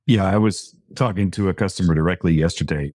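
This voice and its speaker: A man's voice: low voice, fairly quick, a little mellow, dry recording, studio quality. A man on a panel discussion telling anecdotes from his work. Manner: anecdotal, storytelling.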